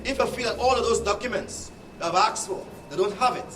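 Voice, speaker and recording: A man's voice: high voice, fairly quick. A man with a Trinidadian accent giving a rousing, preacherly address to workers, with mocking asides. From Trinidad and Tobago. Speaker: union leader addressing workers. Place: indoor workplace gathering. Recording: echoey room, far from the mic, noisy crowd.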